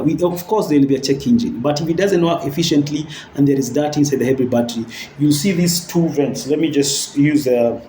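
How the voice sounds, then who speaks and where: A man's voice: mid-range voice, dark tone, reverberant, slight background noise, low-quality recording. Man explaining hybrid battery cells. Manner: talks to viewers and checks in with frequent "okay?". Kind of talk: hands-on explanatory demonstration.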